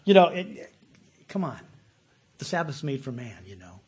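A man preaching a sermon in a relaxed, conversational way who often puts questions to his listeners. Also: a little high, normal speed, breathy edge. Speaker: pastor.

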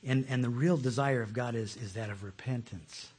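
A pastor delivers a passionate sermon in a husky, mid-range voice at a moderate pace. His preaching swings between loud pleas and hushed, soft asides.

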